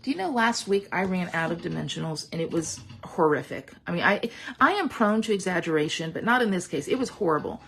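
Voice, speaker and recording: Chatty woman crafting, gravelly lively voice. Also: on the low side, a little fast, slight background noise. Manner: chatty, playful, exaggerating for fun. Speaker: card-making demonstrator. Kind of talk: casual crafting tutorial. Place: home craft room.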